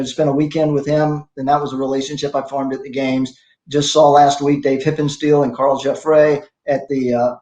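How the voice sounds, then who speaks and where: A man's voice: on the high side, darkish tone. Older man telling stories in an echoey room. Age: 60s. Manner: rambling, self-deprecating, with frequent restarts. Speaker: masters CrossFit athlete guest. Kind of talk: casual interview storytelling.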